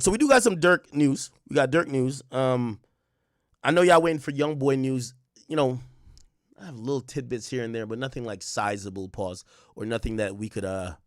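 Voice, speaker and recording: A young man hosting a livestream, casually reading his chat and shouting out cities in a loose, profane way. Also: medium pitch, no room sound, studio quality. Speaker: livestream host. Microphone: desk mic close up.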